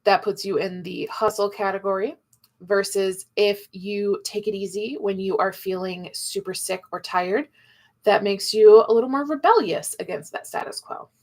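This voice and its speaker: A woman's voice: mid-range voice, fairly even intonation, normal speed. A woman teaching a live online class, playful and chatty, acting out quoted voices.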